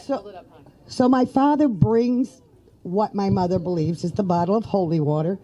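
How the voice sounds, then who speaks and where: Relative telling a story at a eulogy, mellow voice, muffled lo-fi sound. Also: mid-range voice, normal speed. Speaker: eulogy speaker, family member. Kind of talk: personal eulogy at a funeral. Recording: dull lo-fi recording.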